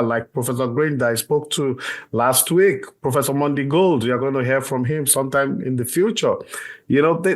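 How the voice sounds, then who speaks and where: A male talk show host introducing his guest in an upbeat, chatty way, peppering his speech with "you know". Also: medium pitch.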